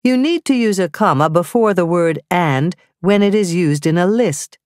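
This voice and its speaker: A woman narrating a scripted grammar lesson, reading slowly and carefully with clearly spelled-out examples. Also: on the low side, lively intonation, a little mellow, no room sound, clean studio sound. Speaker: teacher.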